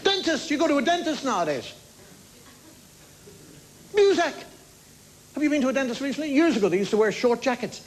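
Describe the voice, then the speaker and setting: A man's voice: very high voice, big pitch swings, brisk, long pauses, noisy background. A man delivering an exasperated stand-up monologue in front of a TV studio audience. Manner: exasperated, ranting. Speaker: comedian. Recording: studio audience laughing throughout.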